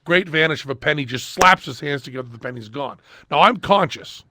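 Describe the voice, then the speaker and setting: A middle-aged man hosting a podcast, telling a story in casual chat and loudly acting out the people in it. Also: fairly high pitch, fairly quick. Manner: animated, shouts and acts out quoted people. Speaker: podcast host.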